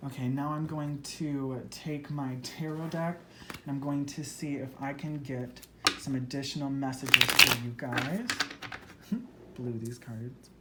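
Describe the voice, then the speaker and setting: A tarot reader and medium giving an earnest, emotional spoken tarot reading to viewers, gushing and spiritual, often speeding up in excited bursts. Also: medium pitch, unhurried, heavy background noise.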